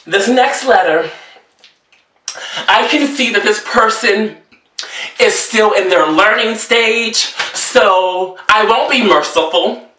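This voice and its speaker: A man's voice: high voice, slow pace. A man, a fashion designer, ranting sassily and theatrically about the emails he receives. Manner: theatrical, sassy, exasperated, animated delivery. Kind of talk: sassy comedic rant. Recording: roomy echo, mic at a distance.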